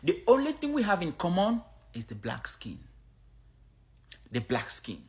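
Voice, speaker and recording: Speaking unhurriedly in a fairly low voice, a woman in her thirties from Africa delivers an outspoken opinion piece to her phone camera. This social media creator is blunt and tells stories with animation.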